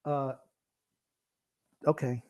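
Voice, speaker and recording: A retired older man co-hosting a sports podcast, gruff and insistent, repeating his points. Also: mid-range voice, little pitch movement, drawn-out words, darkish tone. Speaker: podcast co-host. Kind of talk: casual sports chat.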